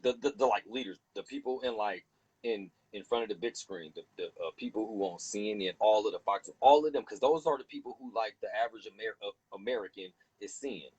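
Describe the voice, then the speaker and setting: Husky male host, fiery preacher-style ranting, profane and animated. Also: brisk, highs cut off. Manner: animated, preachy, profane, acts out others in swinging pitch. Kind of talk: heated casual discussion.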